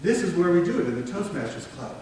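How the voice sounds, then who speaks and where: A man leading a conference workshop on public speaking, talking in a conversational, animated way to an audience. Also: sits high, fast talker, distant mic, slight background noise. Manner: conversational, animated, demonstrates tones with his voice. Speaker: workshop presenter. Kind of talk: conference breakout talk. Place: conference room before an audience. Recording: very echoey room recorded from afar.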